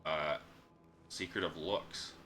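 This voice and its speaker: A man's voice: very deep voice, steady tone, takes it slowly, sharp tone, slight background noise. A man streaming a role-playing game, reading the on-screen dialogue aloud with frequent ums and restarts.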